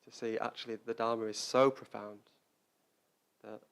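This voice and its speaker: A man's voice: lowish voice, flat delivery, normal speed, gravelly, fairly bright tone, clean tone. A man giving a Dharma talk as a Buddhist teacher, speaking reflectively and often repeating words as he searches for them.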